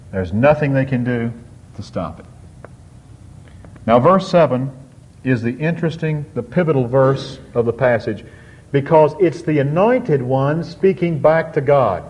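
A man preaching a sermon on a psalm, reading scripture slowly and drawing out key words with emphatic swings. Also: mid-range voice, darkish tone. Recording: dull lo-fi sound.

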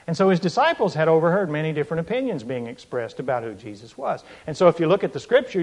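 Lively, emphatic male preacher. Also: sits high. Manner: emphatic, with dramatic pauses and swells in volume. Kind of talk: sermon.

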